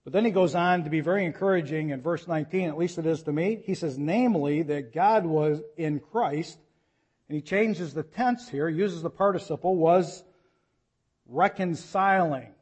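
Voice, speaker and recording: Pastor, male, fairly high voice, earnest sermon delivery with urgent appeals. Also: a little mellow, husky. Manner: earnest preaching, reads scripture slowly, rises to urgent appeals.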